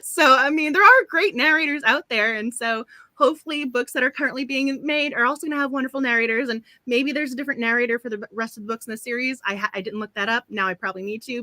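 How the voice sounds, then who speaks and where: A woman's voice: fairly high pitch, bright, forceful tone, no echo. Woman, book club host, casual chat, giggly, apologetic, dry close sound. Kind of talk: casual live-stream chat.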